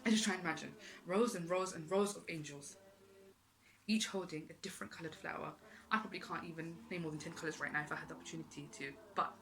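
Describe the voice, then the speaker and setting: A woman's voice: low voice, noisy background. A woman giving an earnest, emotional religious talk, repeating phrases for emphasis. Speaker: Islamic speaker.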